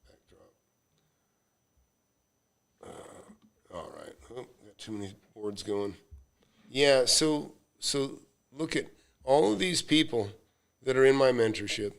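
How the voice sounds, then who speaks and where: A man's voice: mid-range voice, animated, takes it slowly, pauses often. Middle-aged male host, casual live-stream chat, loose and rambling, lots of uhs and restarts. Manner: rambling storytelling with many fillers and restarts. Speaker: real estate investor hosting a live Q&A.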